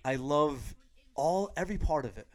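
A man hosting a casual sports podcast with friends, his voice sitting a little high. He talks excitably, laughs often and stumbles over restarts. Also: normal speed. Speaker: podcast host. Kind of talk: casual chat.

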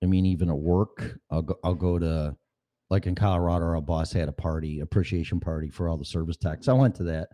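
Low-voiced guy doing a casual podcast sound check, swears a lot, rambles, keeps clearing his throat. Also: fairly even intonation, brisk, mellow. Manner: rambling and profane. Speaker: podcast host.

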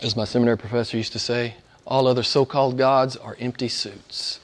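Fairly quick and steady in tone, this medium-pitched male pastor gives a conversational sermon with chuckled asides. At moments he whispers, at others he rises to loud, emphatic peaks.

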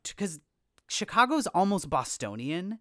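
A podcast co-host from the US Midwest in casual chat, wry and quick to laugh. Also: mid-range voice, sing-song, sharp tone, no echo, clean studio sound.

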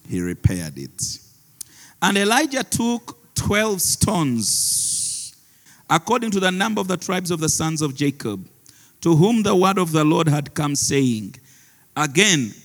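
A male pastor preaches slowly in a high, gravelly voice. He breaks into laughter often and slips Luganda phrases into his sermon. His voice rings out with the long reverb of a large church hall. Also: animated.

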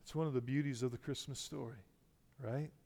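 A man's voice: medium pitch, fairly even intonation, a little fast, vocal fry, a little mellow, in a large hall. A man preaching a sermon to a congregation, emphatic and full of rhetorical questions. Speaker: pastor.

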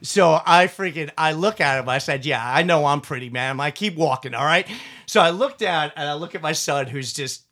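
A middle-aged man with a high, bright, forceful voice spins a rambling anecdote in relaxed conversation. He swears freely, stacks up fillers, and keeps breaking into laughter at his own telling. It sounds like easygoing talk between friends on a podcast. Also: moderate pace. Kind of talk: casual storytelling chat.

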